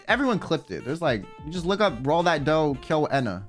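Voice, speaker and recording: A young man chatting casually on a livestream, telling a story with lots of swearing and sudden high yelps. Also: very animated, a little fast, soft background music. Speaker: streamer. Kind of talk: casual stream chat.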